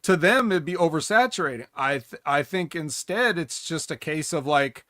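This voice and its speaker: A man's voice: a little high, lively intonation, normal speed, fairly bright tone, no room sound, studio quality. A man co-hosting a casual wrestling podcast chat, blunt and sarcastic, swearing freely. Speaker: podcast co-host.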